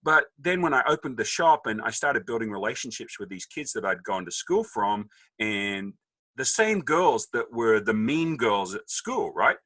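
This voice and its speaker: A middle-aged Australian man, a podcast guest, telling stories in a jokey, animated way and acting out the voices of people he quotes. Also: mid-range voice, moderate pace, no echo. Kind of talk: casual storytelling.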